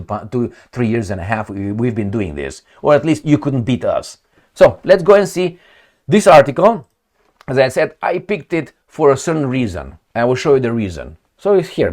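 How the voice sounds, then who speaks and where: Guy ranting about news articles, sarcastic, pitch jumps all over. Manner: animated, sarcastic, rambling with restarts. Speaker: political commentator. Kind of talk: casual commentary reading articles.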